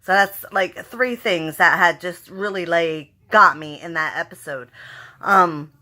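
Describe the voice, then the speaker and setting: A woman giving a casual, rambling episode review in a vlog, talking excitedly and swearing freely. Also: on the low side, a little slow. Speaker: TV show reviewer.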